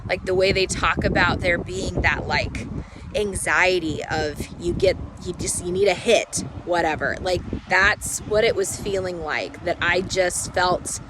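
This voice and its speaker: A woman with a hoarse, froggy voice from a cold, talking through her thoughts in a rambling, halting, candid way. She records an unedited personal vlog outdoors. Street and traffic noise comes through clearly behind her. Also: mid-range voice. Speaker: vlogger.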